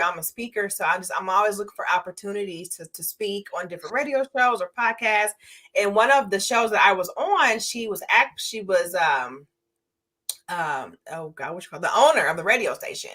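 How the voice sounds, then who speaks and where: Bright-voiced woman guest speaker. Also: medium pitch. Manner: earnest, encouraging, many fillers. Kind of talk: casual interview chat.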